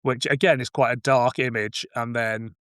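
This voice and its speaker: A man, a podcast guest, chatting in a thoughtful, measured way. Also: medium pitch, fairly even intonation, fairly bright tone, clear, resonant tone, no room sound, studio quality. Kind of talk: casual podcast chat.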